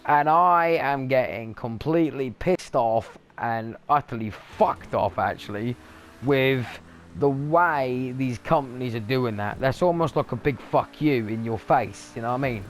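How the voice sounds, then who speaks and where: A man's voice: mid-range voice, a little slow, a little hiss or hum. A man ranting angrily in a sweary gaming vlog monologue. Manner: angry, sweary rant. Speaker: gaming vlogger.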